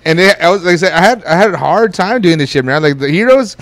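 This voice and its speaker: A man's voice: high-pitched, animated, fast, heavy background noise. A tipsy man co-hosting a podcast, laid-back and joking crudely in casual chat. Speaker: podcast co-host.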